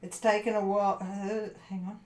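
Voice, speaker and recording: A woman's voice: medium pitch, little pitch movement, normal speed, a little mellow. A woman chatting casually to viewers during a crafting livestream, muttering to herself as she works. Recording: echoey room, faint background noise.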